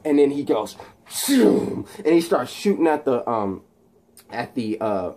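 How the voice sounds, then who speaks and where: Guy excitedly recapping a movie scene, making sound effects, lots of ums. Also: medium pitch, moderate pace. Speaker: channel host.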